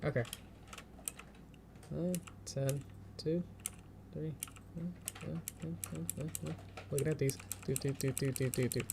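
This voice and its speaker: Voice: mid-range voice, fairly even intonation, measured pace, gravelly, long pauses, background noise. A streamer talking casually while animating at a computer, thinking aloud step by step, chanting little counts and laughing often.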